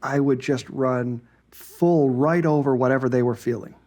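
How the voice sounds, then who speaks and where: A man's voice: mid-range voice, moderate pace, dark tone. A man co-hosting a podcast, talking thoughtfully and restarting his sentences as he reflects. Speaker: podcast co-host. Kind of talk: reflective casual chat.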